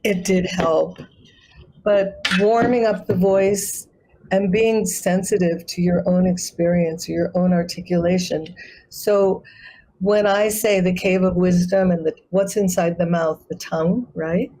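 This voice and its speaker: Woman chant teacher, slow demonstrations. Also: on the low side, fairly even intonation, warm tone, poor audio. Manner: instructive, demonstrates pronunciation slowly. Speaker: guest, sacred chant artist and yoga teacher. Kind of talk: teaching conversation.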